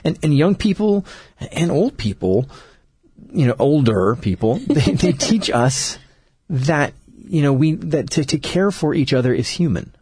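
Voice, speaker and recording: A man in his thirties in casual chat, an animated storyteller who acts out quotes and laughs often. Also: a little high, unhurried, breathy edge, no room sound, clean studio sound.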